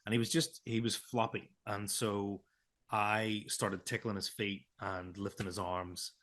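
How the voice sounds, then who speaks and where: Podcast co-host, male, lowish voice, emotional first-person storytelling with quoted dialogue. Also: flat delivery, measured pace, a bit bright. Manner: emotional retelling with quoted dialogue, hesitant restarts.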